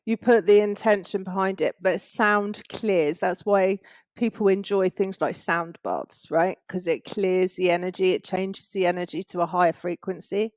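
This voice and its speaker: A woman's voice: lowish voice, steady tone, normal speed, no echo. A woman on a video call from her home in Spain, explaining things earnestly as an interview guest, with small laughs. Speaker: guest, space clearing practitioner.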